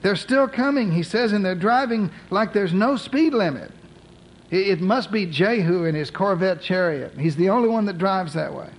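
A man's voice: sits high, animated, moderate pace, poor audio. A man preaching a sermon, retelling a scripture story with humorous modern asides.

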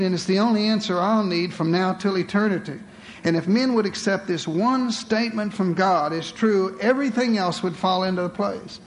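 A high-pitched man preaches to a congregation, posing dramatic rhetorical questions and addressing his listeners as beloved. There is slight background noise.

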